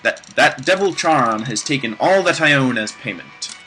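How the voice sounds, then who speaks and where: A man's voice: medium pitch, lively intonation, moderate pace, sharp tone, a little hiss or hum. A man voicing a proud young prince reading his own journal, in a put-on accent that keeps shifting. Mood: proud, solemn. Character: earnest young male prince writing a journal.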